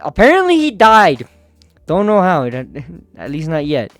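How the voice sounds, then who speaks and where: A man's voice: sits high, huge pitch swings, a little slow, no room sound, soft background music. A man giving a casual, profane comic recap of a comic, full of fillers and laughter. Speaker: manhwa recap host.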